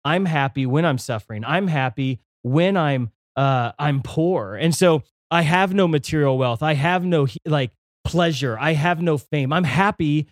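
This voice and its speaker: In a studio with no echo, a young man co-hosts a faith podcast, telling animated stories packed with fillers and restarts. His voice sits on the high side, and he speaks unhurriedly.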